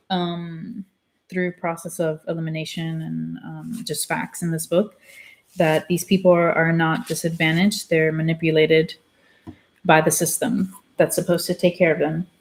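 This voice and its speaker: Low-voiced woman reading and commenting. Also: fairly even intonation, unhurried. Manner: opinionated, blunt asides between read passages. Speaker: channel host. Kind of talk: reading a book aloud with commentary.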